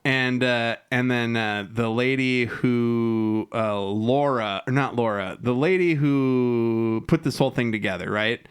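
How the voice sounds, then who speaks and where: A man's voice: medium pitch, unhurried, few pauses, clear, resonant tone. A man co-hosting a podcast in casual chat, swearing freely and acting out lines from the episode he is recapping. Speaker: podcast co-host.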